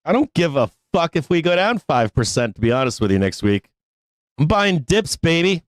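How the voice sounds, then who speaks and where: A man's voice: a little high, big pitch swings, moderate pace, dry recording, low-quality recording. Profane laughing man ranting live. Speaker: stock market show host. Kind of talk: live-stream rant.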